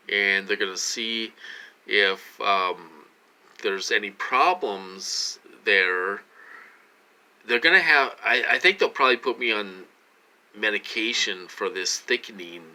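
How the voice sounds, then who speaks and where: A man's voice: fairly low pitch, pushed and bright. A middle-aged man rambling in a casual vlog, repeating himself and often addressing his viewers, a little short of breath. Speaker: vlogger.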